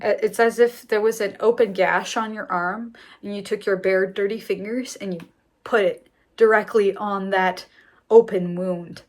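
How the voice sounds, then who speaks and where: A young woman candidly recounting her first birth story in a chatty way, laughing often. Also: medium pitch. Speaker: vlogger. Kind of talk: personal storytelling.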